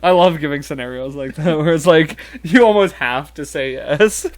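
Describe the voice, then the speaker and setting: A man's voice: a little high, normal speed. A young man co-hosting a podcast, telling crude stories in casual chat, laughing often and filling his talk with "like". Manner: crude, laughing storyteller, full of "like". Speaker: podcast co-host.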